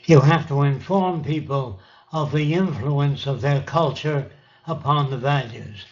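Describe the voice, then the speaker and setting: A man lectures bluntly, telling anecdotes and firing rhetorical questions. His voice is mellow and dark, and it sounds distant in a roomy space. The recording is dull and muffled. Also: medium pitch, unhurried. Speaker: seminar speaker. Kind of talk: unscripted lecture.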